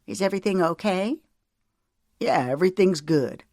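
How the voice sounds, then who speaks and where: A narrator voicing Bertie, a grandmother in love, soft, teasing and emotional, lifting the voice higher for her. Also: lively intonation, moderate pace, no echo, studio quality, lightly acted. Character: warm hopeful woman in love, older.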